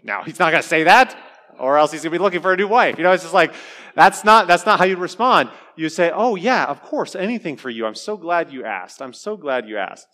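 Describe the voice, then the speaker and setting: A man's voice: fairly high pitch, fairly bright tone. A man preaching a sermon in a conversational way, with joking asides and hesitant restarts. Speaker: pastor.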